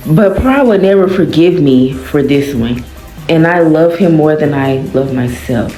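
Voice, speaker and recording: Lowish woman reading a story aloud. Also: animated, unhurried, mellow. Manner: reads dialogue with pitch jumps, breaks off to react and laugh. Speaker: reader of fan fiction. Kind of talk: casual story reading with commentary. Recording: roomy echo with faint music.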